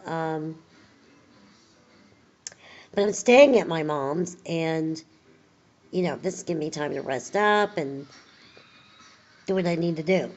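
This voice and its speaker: A woman's voice: fairly low pitch, muffled recording. A woman chatting casually in a home video update, rambling with many fillers, tired and recovering from surgery. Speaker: vlogger.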